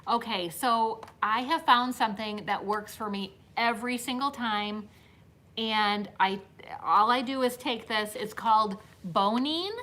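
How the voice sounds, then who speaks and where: Bright-voiced chatty woman in her fifties. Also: a little high, measured pace. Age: 50s. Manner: chatty storyteller, talks straight to viewers, laughs often. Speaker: host. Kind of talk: casual live-stream chat.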